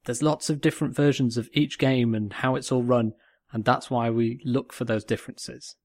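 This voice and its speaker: A man from North West England, co-hosting a casual podcast in a jokey, animated way and repeating phrases for emphasis. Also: medium pitch, moderate pace, no echo, clean studio sound. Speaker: podcast co-host.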